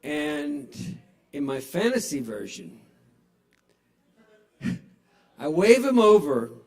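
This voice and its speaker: A man works a small bar crowd through a stage microphone, playful and self-mocking. His voice sits high for a man. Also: very animated, slow, darkish tone. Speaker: stand-up comedian. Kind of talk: stand-up comedy set. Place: small bar at a live open mic. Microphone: handheld stage microphone.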